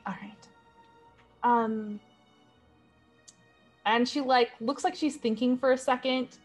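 A woman's voice: high voice, steady tone, takes it slowly, faint music behind. A woman playing a tabletop game, dry and matter-of-fact in manner. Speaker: player.

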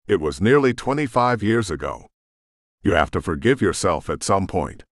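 A man voicing an ancient, stern male demon blacksmith, gruff and commanding, in an audiobook. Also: low-pitched, big pitch swings, normal speed, no room sound, studio quality. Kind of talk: audiobook character voice.

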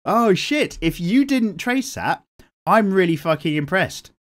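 A man's voice: high voice, animated, a little slow. Laid-back British man chatting while drawing. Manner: rambling, swears casually, laughs often. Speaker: art channel host. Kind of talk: casual chat while drawing, reading viewer comments.

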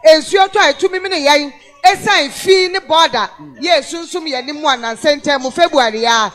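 Very high-voiced man giving fiery commentary. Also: normal speed. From Ghana. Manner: emphatic, rising to shouts for stress, repeats words for effect. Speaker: radio-TV news review host. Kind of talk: animated news commentary.

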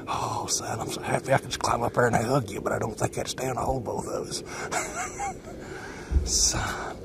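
A man giving hushed, excited, folksy commentary from a deer stand outdoors on a farm. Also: mid-range voice, normal speed. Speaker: hunting show host. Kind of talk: excited in-the-field hunting commentary. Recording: outdoor field recording with steady background noise.

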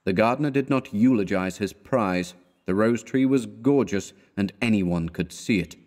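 A man with a fairly low voice reads a classic tale aloud in a measured narration. He raises his pitch when he voices the characters' lines. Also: a little mellow. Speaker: audiobook narrator. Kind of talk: scripted narration of a classic horror story.

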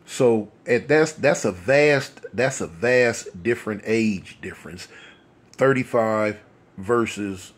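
A man's voice: fairly low pitch, slow, slightly rough. A man, telling a street story in a rambling, conversational way full of asides. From Los Angeles. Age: 50s.

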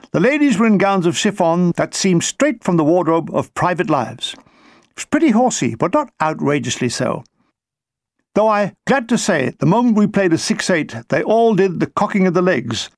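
A man's voice: fairly high pitch, dry recording. A man reading his own wartime memoir aloud, with a dry comic storytelling manner. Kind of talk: audiobook narration.

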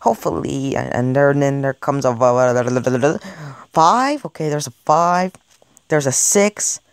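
Speaking into a close home microphone, a fan creator improvises a game role-play, narrating and performing each character while stammering and doubling back on words. The voice is smooth and mid-range at a measured pace, and the recording is dry.

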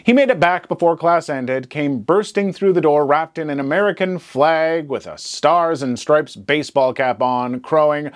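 A man's voice: fairly high pitch, moderate pace, hardly any pauses. A man reading online stories aloud, adding sarcastic commentary between them. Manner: animated, sarcastic asides. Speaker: story narrator.

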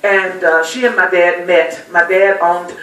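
A middle-aged woman giving a personal speech at a dinner event, an animated, folksy storyteller. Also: on the low side, measured pace. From Texas. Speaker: guest speaker at a dinner event. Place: banquet hall. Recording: echoey hall, voice from far off.

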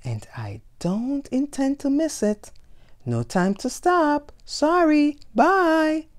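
A woman voicing a hurried, fussy male tiger in a picture book read aloud, talking in a brisk, clipped way. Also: sits high, big pitch swings, pitched above the performer's own voice, heavily acted.

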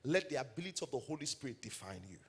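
This Nigerian-accented pastor races through his sermon in a medium-pitched, sing-song voice, with slight background noise behind him. He tells stories and rises to emphatic calls to the congregation.

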